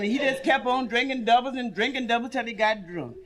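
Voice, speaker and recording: A woman's voice: on the high side, a little fast, crowd noise. A woman comedian telling bawdy jokes in a brassy stand-up style, laughing through her own punchlines.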